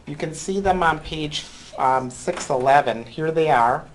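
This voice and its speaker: Male instructor, classroom lecture, slow unhurried pace, halting with frequent ums. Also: on the high side, low-quality recording. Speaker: college accounting instructor.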